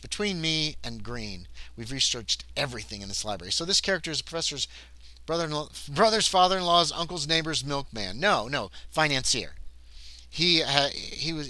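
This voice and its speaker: Guy streaming a solo tabletop game, super bright edgy voice, reads passages out loud then mutters along. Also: mid-range voice. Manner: reads game text aloud, then chats casually to himself and chat.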